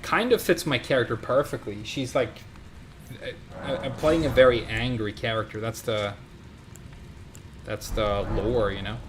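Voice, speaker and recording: A man with a Swedish accent chats loosely through a live game session, talking to his viewers and to characters on screen. His voice sits in an ordinary middle pitch. A steady hiss of noise runs under the recording. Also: a little slow. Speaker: game streamer. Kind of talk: casual live gameplay commentary.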